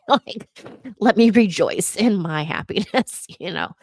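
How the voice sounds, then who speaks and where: A woman's voice: mid-range voice, lively intonation, slow pace, a little mellow, dry recording. A woman who works as a psychic talking in a casual vlog monologue, earnest and repeating words for emphasis. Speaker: psychic and vlogger.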